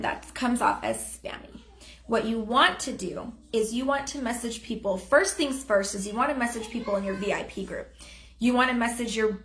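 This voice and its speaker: A woman's voice: on the high side, echoey room. A woman in her thirties giving a chatty, upbeat sales training live from her home, often acting out sample messages. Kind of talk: live-stream training talk. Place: home room. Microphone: phone or webcam on a live stream.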